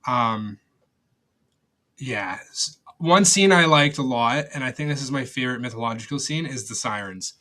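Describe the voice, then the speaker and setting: A man's voice: mid-range voice, lively intonation, normal speed, bright, forceful tone. A young man giving a casual, rambling film review, blunt and profane, with lots of fillers and restarts. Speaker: movie reviewer.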